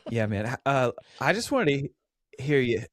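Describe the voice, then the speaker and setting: A man hosting a podcast, laid-back and friendly as he asks his questions. His voice is at a middle pitch. It is recorded dry and close, with no room echo. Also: very animated, normal speed. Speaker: podcast host. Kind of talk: casual conversational interview.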